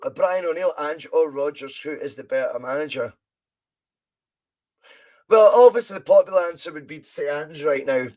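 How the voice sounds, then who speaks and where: High-voiced Scottish man, chatty podcast host. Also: moderate pace, long pauses, darkish tone. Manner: chatty, rambling, reads viewer comments aloud. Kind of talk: live football watch-along chat.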